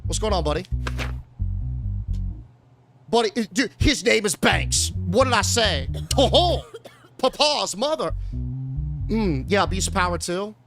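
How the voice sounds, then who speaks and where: A man's voice: sits high, expressive, measured pace, pauses often, fairly bright tone, soft background music. A young man streaming a game, chatting casually and profanely and reading the game text aloud. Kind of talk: casual gameplay commentary. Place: home streaming setup.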